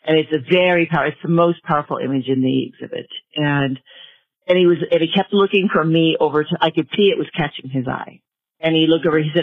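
A man being interviewed, telling a story in a halting way with many restarts and repeated words. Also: a little high. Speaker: guest, project organizer. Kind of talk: storytelling in conversation. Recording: narrow phone-like line.

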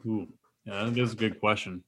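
Bright-voiced man chatting energetically. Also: fairly low pitch, fairly quick, husky. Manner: rambling, energetic, animated storytelling. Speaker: podcast co-host. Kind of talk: casual chat.

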